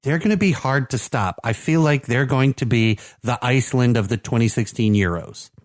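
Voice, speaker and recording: A man's voice: medium pitch, normal speed, no room sound. Chatty man, dry close sound. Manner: chatty, many fillers and restarts. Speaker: podcast co-host. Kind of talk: casual sports chat.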